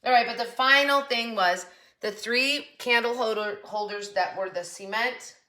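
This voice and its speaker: Chatty, bright-voiced woman craft vlogger. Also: fairly high pitch, moderate pace. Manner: chatty, enthusiastic, restarts and trails off. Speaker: craft channel host. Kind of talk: casual show-and-tell craft vlog.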